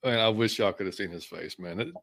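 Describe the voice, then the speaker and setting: A man co-hosting a casual podcast, relaxed and rambling as he runs through team news. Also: deep voice, quick pace, gravelly, dry recording. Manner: laid-back, many fillers, reads out team news. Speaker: podcast co-host. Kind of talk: casual chat.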